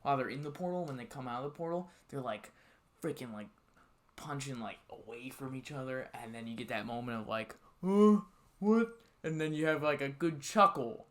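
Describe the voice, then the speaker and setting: A man's voice: medium pitch, a little fast, a bit bright. A young man co-hosting a podcast, talking bluntly about a film, swearing casually and teasing his friend. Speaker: podcast co-host. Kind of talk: casual film review chat.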